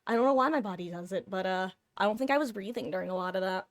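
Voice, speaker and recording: A woman streams a game live, her medium-pitched voice racing over a slight hiss or hum. She chats casually and rambles through stories for her viewers, animated and prone to sudden shrieks.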